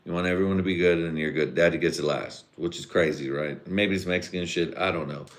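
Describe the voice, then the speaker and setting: A man with a very low, deep voice rants loosely on a live podcast stream. He sounds a little drunk, and he rambles, swears freely and breaks into laughter as he goes. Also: steady tone, fast. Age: adult father and husband. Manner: rambling, profane, laughs often. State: tipsy. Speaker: podcast host. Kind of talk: casual live-stream rant.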